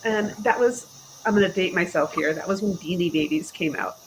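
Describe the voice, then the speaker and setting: A woman in her forties from the Chicago area, a podcast guest telling stories about her life in a lively, chatty way. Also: fairly low pitch, fairly quick, slight background noise, poor audio. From Chicago area, USA. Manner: lively storyteller who acts out quoted dialogue. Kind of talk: casual interview chat.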